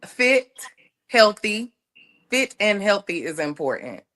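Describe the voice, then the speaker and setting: Woman in her thirties, bright voice, hesitant, slow answers. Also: medium pitch, very animated. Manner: slow, hesitant, thinks aloud. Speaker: interviewee on a dating show clip.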